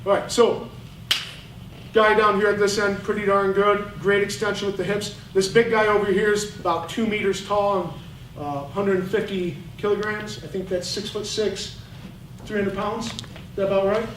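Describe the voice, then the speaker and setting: Football coach breaking down film, blunt, fired up, highish voice, echoey room, sounds kinda far off. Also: male voice, steady tone, normal speed, a bit bright. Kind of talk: coaching clinic talk over game film. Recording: roomy, distant mic, faint noise.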